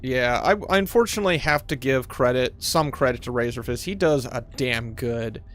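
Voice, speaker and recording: A man's voice: medium pitch, normal speed. A man with a Pacific Northwest accent chatting casually and profanely while streaming a game. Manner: profane, excitable, laughs easily. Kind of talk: casual gameplay chat.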